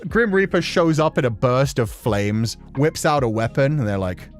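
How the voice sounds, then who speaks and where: A man's voice: medium pitch, animated, moderate pace, faint music behind. A man streaming from his apartment, chatting casually and laughing often while he plays a game. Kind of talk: casual live-stream commentary while reading a game aloud. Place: home apartment.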